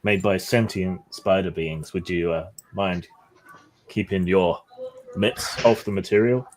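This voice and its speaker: A fussy, prim male bidder, played by a man running a tabletop game objects in a low voice. He keeps his tone stiffly polite throughout. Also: steady tone, measured pace, slight background noise.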